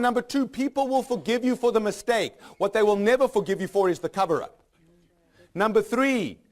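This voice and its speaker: A high-voiced motivational speaker addresses a live audience off the cuff. He speaks with emphasis, piles up short repeated lines, and keeps throwing rhetorical questions at the room.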